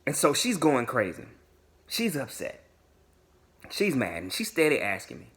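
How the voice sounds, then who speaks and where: A man's voice: medium pitch, unhurried. A young adult man casually telling a dating story to his viewers, acting out the other people's lines in slangy speech. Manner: animated storyteller, acts out quoted dialogue in slangy speech.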